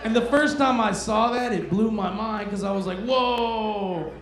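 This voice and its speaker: Performing stand-up in a club, a man teases the crowd with casual, crude talk. His voice is high and a bit bright, with a measured pace, and the room is echoey with crowd noise.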